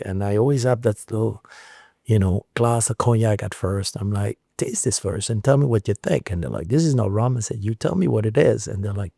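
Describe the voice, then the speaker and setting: A man's voice: lowish voice, gravelly, a little mellow, husky, no echo, studio quality. A middle-aged man from France with a French accent, chatting as an interview guest and telling stories with many restarts and fillers. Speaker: guest, spirits producer. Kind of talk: casual interview chat.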